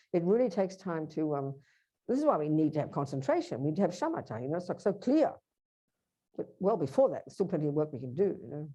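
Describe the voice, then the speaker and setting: A woman's voice: fairly low pitch, warm tone. A woman teaching a Buddhist workshop, speaking emphatically and directly to her audience.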